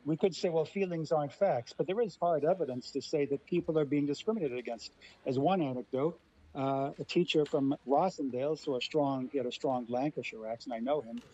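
A man from Los Angeles, a guest on a radio panel, explaining his views in a measured way. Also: fairly high pitch, dark tone, slightly rough, lo-fi sound. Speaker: guest linguist.

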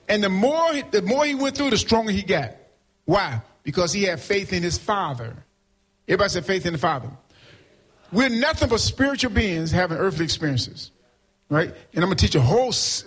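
A man preaching a sermon, leading call and response and asking "right?" after nearly every point, swinging between loud and soft. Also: high-pitched, breathy edge. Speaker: pastor.

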